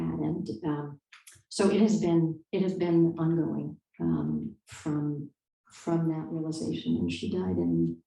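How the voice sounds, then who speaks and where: A woman author answers questions in a conversational interview, thoughtful and hesitant, with many fillers and restarts. Her voice is low, gravelly, and warm. The recording sounds echoey, with a distant mic.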